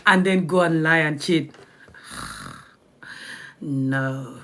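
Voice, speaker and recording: A woman's voice: deep voice, huge pitch swings, drawn-out words, vocal fry, noisy background. Blunt, outspoken Gambian woman on a live stream. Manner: blunt, outspoken, laughing, drops to a whisper. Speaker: live video host. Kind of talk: casual live-stream chat.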